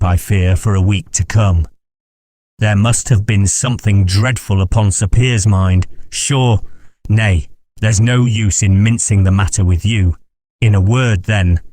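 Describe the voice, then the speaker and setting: A man voicing a nervous, talkative Irish gentleman who tells a dark story in a confiding, dramatic way. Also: fairly low pitch, no echo, studio quality. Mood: grave. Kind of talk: audiobook character voice.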